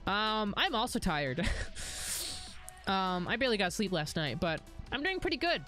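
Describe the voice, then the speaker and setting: A woman's voice: mid-range voice, big pitch swings, moderate pace, a bit bright, faint music behind. Casual, swearing young woman streamer. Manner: chatty, swears freely, reads chat aloud. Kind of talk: casual live-stream chat while gaming.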